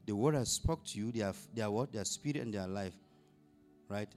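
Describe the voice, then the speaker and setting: A man's voice: fairly low pitch, brisk, darkish tone, faint music behind. A male pastor preaching a sermon, asking the congregation questions and rising to emphatic bursts on scripture.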